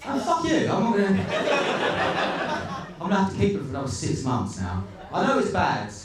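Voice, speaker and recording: Crude stand-up comic, echoey club. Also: male voice, high voice, wildly swooping pitch, a little fast, distant mic. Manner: crude, sardonic, rambling. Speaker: stand-up comedian. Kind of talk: stand-up comedy set. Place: comedy club stage. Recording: echoey club, recorded from afar, noisy.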